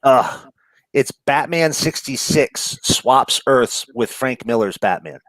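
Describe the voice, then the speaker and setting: A man with a New York accent talks about comic books in a loose, rambling way, full of "uh"s, swearing and quick laughs. His voice sits mid-range and sounds dry and close. He never follows a plan. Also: medium pitch, lively intonation, fairly bright tone, no room sound, low-quality recording. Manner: rambling, profane, laughs often, many fillers. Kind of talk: casual chat.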